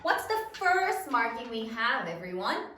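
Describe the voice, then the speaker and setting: Bright-voiced woman teacher dictating spelling slowly. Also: fairly high pitch, big pitch swings, roomy sound, distant mic, slight background noise. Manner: slow, deliberate dictation with drawn-out words. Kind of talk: spelling lesson for third graders.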